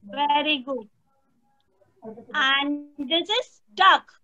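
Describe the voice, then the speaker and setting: A woman's voice: sits high, very slow, bright, forceful tone, highs cut off. A woman, teaching young children an online lesson, patiently repeating prompts and imitating animal sounds. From India. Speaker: primary school teacher.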